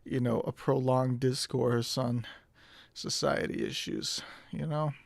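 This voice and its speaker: A man's voice: mid-range voice, steady tone, slow, vocal fry, dry recording. A man chatting on a stream, laughing often and hedging with lots of fillers. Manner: laughs a lot, hesitant, filler-heavy. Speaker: stream co-host. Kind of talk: casual chat.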